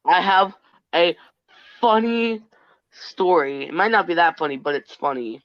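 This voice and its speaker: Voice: medium pitch, animated, unhurried, no echo. Young storyteller, casual chat, dry close sound, slightly muffled.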